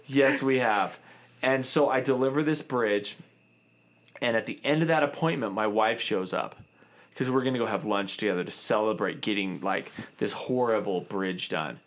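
In a fairly low voice at normal speed, this thirty-something man, a dentist, recounts a story in a relaxed, lively manner. He plays the other characters as he goes.

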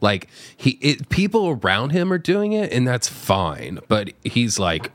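A man in casual film talk, wisecracking and animated, swearing freely as he makes his points. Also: mid-range voice, unhurried, dry recording. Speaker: podcast co-host.

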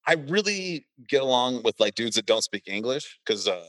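A man chats as a podcast guest, rambling and leaning on filler words and curses. His voice is mid-pitched and the sound is dry and close. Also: big pitch swings, normal speed, a bit bright, no echo, rough recording. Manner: rambling, lots of "like" fillers, swears. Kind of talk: casual chat.

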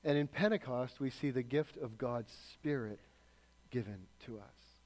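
A man preaching a sermon earnestly, often dropping soft at the ends of phrases. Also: mid-range voice, measured pace. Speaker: pastor.

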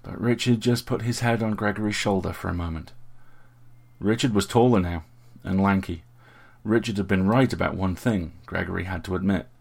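A man giving a steady, measured audiobook narration. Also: sits low, vocal fry, slightly rough.

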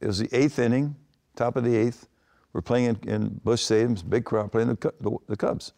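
A man's voice: lowish voice, vocal fry, darkish tone. An older man, a former baseball manager, telling long rambling anecdotes in an interview, with frequent restarts. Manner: rambling anecdotes with many restarts and acted quotes. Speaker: retired baseball manager, guest. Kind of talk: storytelling interview answers.

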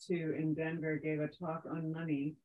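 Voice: medium pitch, completely flat delivery, moderate pace, phone-quality sound, slight background noise. A moderator reading listener comments aloud at a talk.

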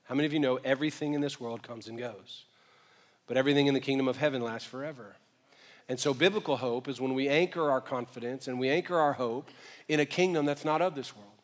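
A male pastor preaching a sermon in a conversational, joking way, dropping to quiet asides and rising to loud emphasis, and slowing down to read scripture. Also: mid-range voice. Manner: slows right down when reading scripture aloud. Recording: long reverb of a large hall.

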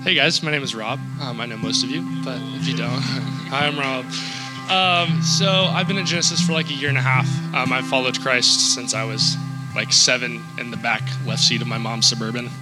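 A man giving his personal testimony at church, emotional and close to tears, talking haltingly with many fillers. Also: mid-range voice, fairly even intonation, low-quality recording. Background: loud guitar music.

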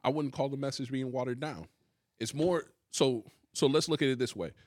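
Emphatic pastor hosting a faith talk. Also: male voice, medium pitch, normal speed, no room sound, studio quality. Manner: emphatic, repeats key lines for emphasis. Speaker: pastor and podcast host. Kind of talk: casual faith discussion.

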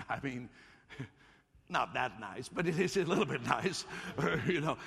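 A man preaching a sermon as a pastor in a church, animated and playful, often calling on the congregation to answer him. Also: mid-range voice, a little slow, gravelly, slightly rough, in a large hall. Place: church hall.

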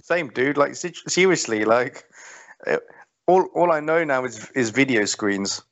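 A man co-hosting a podcast over a video call, laid-back and quick with incredulous reactions. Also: medium pitch, expressive, a bit bright. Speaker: podcast co-host. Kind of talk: casual chat. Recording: dull video call audio.

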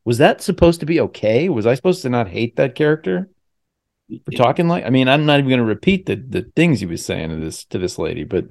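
A man hosts a relaxed podcast chat. His pitch rises and falls a lot as he teases his guests. He talks loosely and casually. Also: vocal fry. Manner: animated, quick to tease. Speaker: podcast host.

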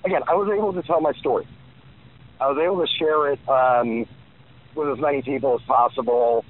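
A man's voice: mid-range voice, a little fast. A man in his forties giving rambling interview answers, full of fillers and restarts. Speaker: guest. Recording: tinny phone line.

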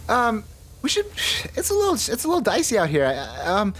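A tabletop player voicing a small, frantic four-armed alien man who stammers and rambles fast. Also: wildly swooping pitch, a little hiss or hum. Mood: rambling. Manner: rapid, stammering, high-pitched in character.

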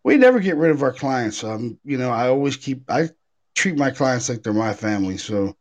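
A man hosting a casual talk show, a paranormal investigator telling stories in an animated way, full of fillers and restarts. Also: medium pitch, normal speed, lo-fi sound. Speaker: podcast host, paranormal investigator. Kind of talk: casual chat.

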